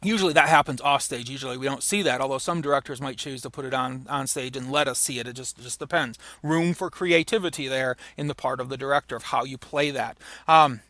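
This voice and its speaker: A man's voice: medium pitch, brisk, few pauses, sharp tone, no echo. A man lecturing on literature, explaining patiently and paraphrasing the passages he reads aloud. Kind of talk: recorded lecture.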